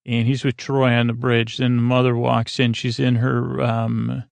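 A man with a heavily gravelly, creaky voice rambles through a sleepy episode recap, wandering off and filling gaps with uh. His delivery stays flat and monotone. The sound is dry and close, with no room echo. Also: mid-range voice, unhurried. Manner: meandering, full of uh fillers. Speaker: podcast host.

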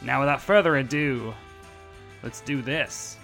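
A man's voice: medium pitch, measured pace, creaky, over loud music. A man hosting a sitcom podcast, talking casually and animatedly with filler words and self-deprecating asides. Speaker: podcast host.

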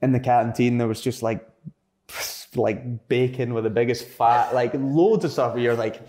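A man's voice: mid-range voice, fairly even intonation, normal speed, dark tone. A young adult man with a Scottish accent, telling stories in a casual interview and rambling with fillers and restarts. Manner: rambling, lots of fillers and self-corrections. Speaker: interview guest, footballer. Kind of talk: casual storytelling chat.

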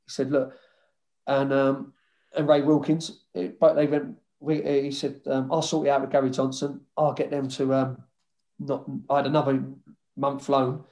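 A man's voice: on the high side, a little mellow. A man, a former footballer casually telling rambling anecdotes in an interview, swearing freely.

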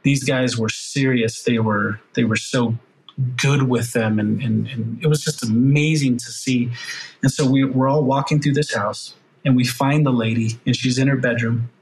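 A middle-aged man on a podcast tells a story with earnest feeling and brings it to life in the voices of others. His voice sits at an ordinary mid pitch. A faint noise is heard behind him. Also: moderate pace, poor audio. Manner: earnest, emotional, animated retelling with quoted voices. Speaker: podcast guest, firefighter.

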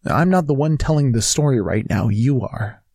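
A woman's voice: rumbling low, lively intonation, moderate pace, mellow, slightly rough, no echo. A woman hosting a comedy podcast, with a dry, exasperated and reluctant way of talking. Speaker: podcast host.

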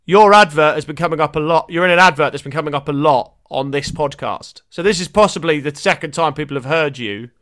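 A man's voice: a little high, fairly quick, hardly any pauses. Jokey English man co-hosting a podcast. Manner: jokey, lively, breaks into put-on voices. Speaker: podcast co-host. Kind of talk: casual comedy chat.

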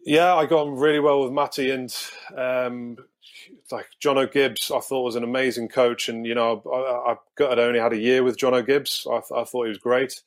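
A man's voice: mid-range voice, level tone, brisk. A man in his thirties, a guest telling a rambling story, repeating himself and laughing at his own anecdotes. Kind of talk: casual storytelling.

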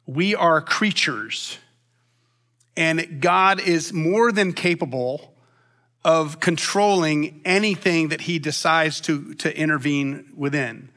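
A man preaching a sermon as pastor, long-winded and animated, with frequent restarts. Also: on the high side, slow.

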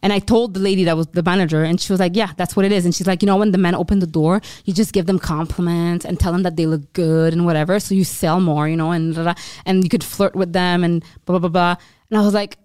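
A young woman from Montreal, a comedian, telling stories in casual podcast chat with lots of halting restarts. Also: on the low side, steady tone, a little mellow, smooth, no room sound, clean studio sound. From Montreal, Quebec.

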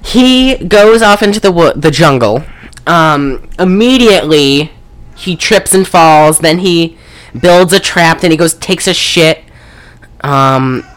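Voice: mid-range voice, a bit bright. Profane, rambling movie recapper. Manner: profane, rambling, frequent fillers. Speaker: podcast co-host.

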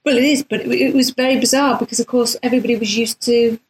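A woman from north-west England co-hosting a podcast, in animated, casual chat full of restarts. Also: fairly high pitch, fast, a little hiss or hum, low-quality recording. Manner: chatty, animated, frequent laughter and restarts. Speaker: podcast co-host.

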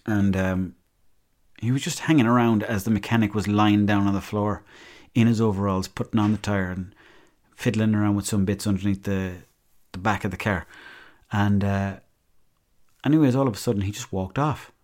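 An Irish man with a lowish voice tells comic stories on his podcast. He wanders from one tangent to the next and swears freely as he goes. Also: fairly even intonation, normal speed, a little mellow. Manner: rambling, profane storytelling. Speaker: podcast host. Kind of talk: comic monologue.

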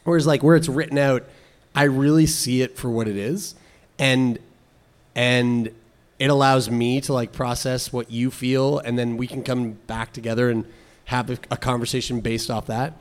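A man's voice: mid-range voice, steady tone, moderate pace. A man co-hosting a casual advice chat, talking in a rambling way with many fillers and restarts.

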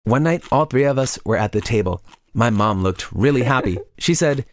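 A man's voice: mid-range voice, expressive, normal speed, no echo, studio quality. A man telling a first-person confession story in scripted narration, earnest in tone.

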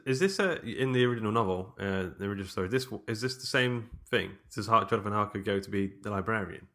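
A man's voice: lowish voice, quick pace, fairly bright tone. A man chatting casually about a film, laughing often and restarting his sentences.

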